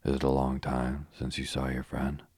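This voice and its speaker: A man's voice: extremely low pitch, monotone, moderate pace, a little mellow, breathy edge, no room sound. A man reading a gushing young lady. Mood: curious. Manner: gushing, eager questions.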